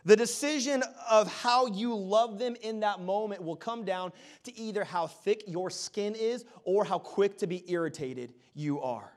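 A man in his thirties preaching a sermon, telling a family story with animated, self-deprecating humor. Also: high voice, a little slow. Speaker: pastor.

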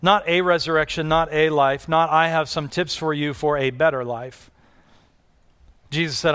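A man's voice: on the high side, normal speed, a bit bright, smooth. A man preaching a sermon in an earnest style, with rising and falling delivery and repeated questions to the congregation. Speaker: pastor.

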